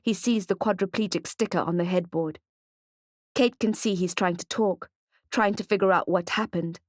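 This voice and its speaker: A woman narrating a thriller audiobook in a measured, steady way, recorded on a close microphone in a studio. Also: medium pitch, no echo. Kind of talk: scripted narration.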